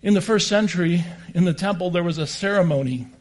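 High-voiced man preaching a sermon. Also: fast talker. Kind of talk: sermon with scripture reading.

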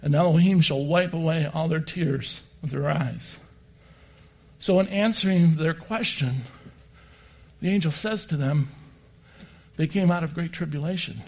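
A man's voice: fairly high pitch, a little slow, vocal fry, a little mellow, slightly rough. A man preaching a sermon and reading scripture passages aloud.

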